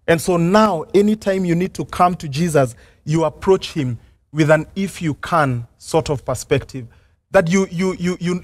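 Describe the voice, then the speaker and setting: A pastor preaching a sermon, earnest and reflective, asking rhetorical questions and sometimes stumbling over restarts. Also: male voice, high-pitched, no room sound. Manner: hesitant restarts and fillers.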